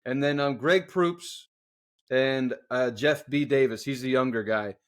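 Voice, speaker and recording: A man co-hosting a podcast, telling a workplace story in casual, profane chat and acting out the people in it loudly. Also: mid-range voice, unhurried. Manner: swearing storyteller, loud animated reenactments. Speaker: podcast co-host.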